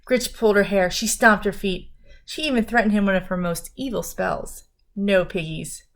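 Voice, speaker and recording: A woman's voice: mid-range voice, steady tone, moderate pace. Woman reading a picture book aloud. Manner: gentle, talks to young listeners while showing pages. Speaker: reader of a children's book.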